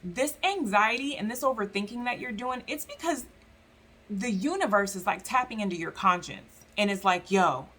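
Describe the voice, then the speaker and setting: A woman giving a casual tarot reading to viewers, talking in a loose, chatty way with many fillers. She often slips into quick acted-out voices for the people and spirits she describes. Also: a little high, expressive, pushed and bright. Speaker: tarot reader.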